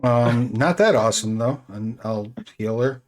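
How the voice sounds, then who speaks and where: A man's voice: medium pitch, lively intonation, measured pace. A man playing a tabletop game, talking casually and hesitantly, thinking aloud with fillers. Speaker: player.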